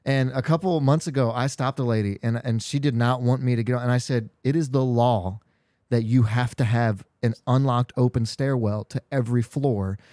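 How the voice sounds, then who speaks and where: Dry-voiced pastor co-hosting a chat. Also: male voice, mid-range voice, fairly even intonation, moderate pace, dark tone, no room sound. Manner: laughs often, reads out viewer comments. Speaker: podcast co-host, pastor. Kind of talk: casual chat.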